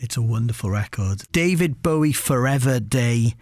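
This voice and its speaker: A male radio presenter introducing his guest and asking questions in a measured way. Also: medium pitch, lively intonation, a little mellow, no echo. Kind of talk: radio interview.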